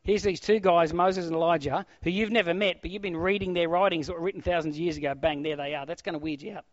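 Animated male preacher, fairly high. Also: quick pace, no echo. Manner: animated preaching that swings from loud exclamations to hushed near-whispers. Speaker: pastor. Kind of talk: sermon. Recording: dull, dry lo-fi sound.

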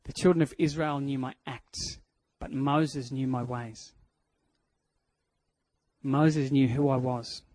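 A man with an Australian accent sharing a candid personal testimony in a sermon, telling it in an earnest, halting way. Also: mid-range voice, fairly even intonation, darkish tone, dry recording, poor audio.

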